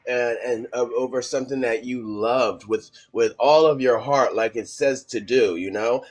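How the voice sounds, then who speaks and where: A man on a casual podcast panel, speaking earnestly with halting restarts. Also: medium pitch, a little mellow.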